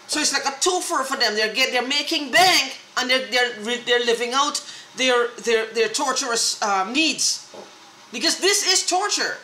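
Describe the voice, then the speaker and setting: A woman's voice: high voice, expressive, unhurried, bright, forceful tone, echoey room, a little hiss or hum. A woman in an angry, profane, repetitive rant, talking straight to the camera. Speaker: vlogger. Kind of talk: agitated monologue to camera.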